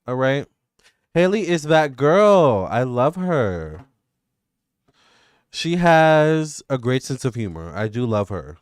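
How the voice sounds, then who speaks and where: A man, hosting live tarot readings and chatting excitedly with viewers. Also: medium pitch, smooth, no room sound, clean studio sound. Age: 30s. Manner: excitable and gushing, quick swings between squeals and murmurs. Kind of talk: casual livestream chat with viewers.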